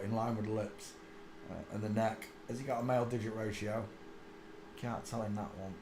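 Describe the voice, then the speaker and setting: A rambling man hosts his own channel and mutters to himself as he searches, then breaks into sudden loud laughing outbursts. His voice sits at a middle pitch. The room is echoey, with faint noise behind him. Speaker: channel host. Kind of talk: casual commentary while searching images on screen.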